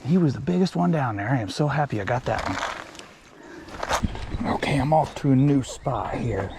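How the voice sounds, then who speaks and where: A gravelly-voiced man vlogging as he fishes, his pitch swinging all over the place as he gets excited. He chats away casually and coos at the fish on his line, outdoors by a creek with faint noise behind him. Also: normal speed. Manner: excitable, chatty, talks to the fish. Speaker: fishing vlogger. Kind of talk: casual on-the-spot fishing vlog.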